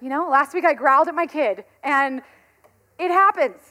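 A woman in her thirties, a pastor giving a conversational sermon, telling stories in an animated way and laughing often. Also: high-pitched, moderate pace.

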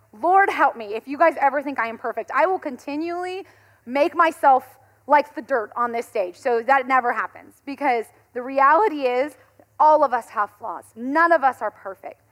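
A woman in her thirties, a pastor giving a conversational sermon, telling stories in an animated way and laughing often. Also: high-pitched, normal speed.

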